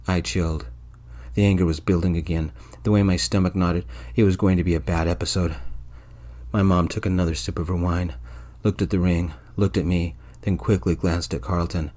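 Deep-voiced man narrating a soft-spoken story. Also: fairly even intonation, moderate pace.

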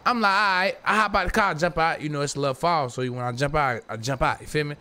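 Brash young male streamer, tense bright delivery, profane in-character storytelling. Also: fairly high pitch, quick pace, clear, resonant tone. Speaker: streamer playing a roleplay character. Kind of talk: in-character roleplay chat.

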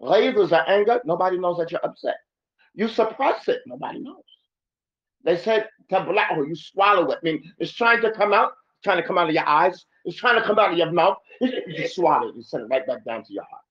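Man, mosque lesson, fast lively delivery, high-ish voice, dull lo-fi sound. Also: reverberant. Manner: animated, acts out angry people, shifts between Arabic and English. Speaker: mosque teacher. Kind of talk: bilingual Arabic-English lesson. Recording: dull lo-fi recording.

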